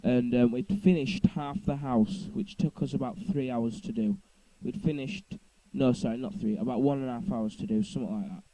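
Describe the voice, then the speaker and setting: A man's voice: mid-range voice, moderate pace, warm tone, no echo, low-quality recording. A young man telling a story to camera at home, rambling and often correcting himself. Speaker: vlogger. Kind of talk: casual storytelling. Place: indoors at home.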